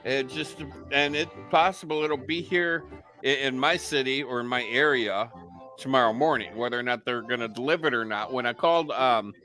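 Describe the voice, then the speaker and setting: A man's voice: medium pitch, moderate pace, sharp tone, faint music behind. A man hosting a casual talk show, telling a rambling story and acting out the people in it. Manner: chatty storyteller, acts out quoted voices. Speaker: podcast host. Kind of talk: casual chat.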